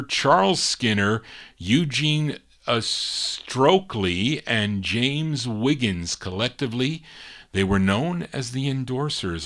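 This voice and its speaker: A man's voice: medium pitch, a bit bright. A man hosting a live record show, chatting through listener requests and record details with small stumbles. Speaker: radio-style show host and DJ.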